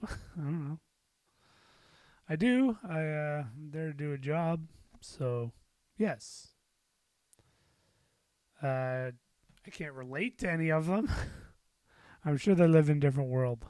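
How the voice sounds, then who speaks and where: A man's voice: a little high, takes it slowly, pauses often, darkish tone, no room sound. A middle-aged man hosting a casual solo podcast, rambling and self-deprecating with lots of fillers and the odd swear word. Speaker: podcast host.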